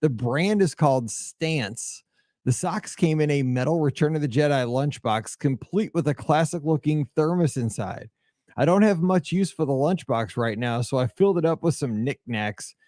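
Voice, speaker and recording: A Midwestern American man in his forties hosts a solo podcast, chatting sentimentally as he rambles through feedback and memories. His voice sits a little high, animated and at a normal speed, with a darkish tone. The recording is studio quality with no echo.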